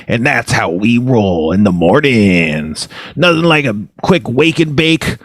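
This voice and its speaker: A man voicing a sleazy stoner morning shock jock, drawling slowly and stretching out his words. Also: mid-range voice, big pitch swings, a bit bright, dry recording, studio quality. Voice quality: slow drawl, breathy held-breath delivery.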